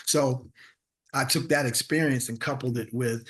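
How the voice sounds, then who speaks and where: A man's voice: mid-range voice, moderate pace. Man telling a comic story. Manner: animated, acts out voices of people in his stories; self-deprecating. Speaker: comedian guest.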